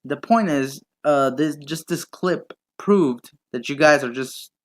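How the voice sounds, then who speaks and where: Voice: mid-range voice, slow pace. A young adult commentator talking back to video clips in a mocking, sarcastic way, often swearing and interrupting. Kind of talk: reaction commentary.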